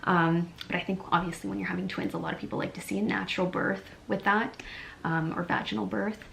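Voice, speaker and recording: A young woman telling a personal story in a casual vlog, chatty and animated, full of "like" fillers. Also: medium pitch, fairly quick, creaky, slight background noise. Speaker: beauty vlogger.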